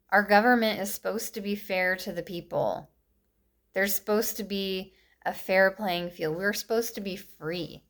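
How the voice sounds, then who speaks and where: Speaking straight to camera, a woman from the United States in her 50s rants about politics with blunt, scolding passion, breaking up her points with short, bitter laughs. Her voice has a medium pitch and a fairly bright tone.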